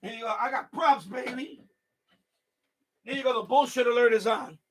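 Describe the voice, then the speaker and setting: A man's voice: very high-pitched, moderate pace. A man hosting an amateur radio livestream, in an angry, profane, repetitive rant. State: mad. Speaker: ham radio livestream host.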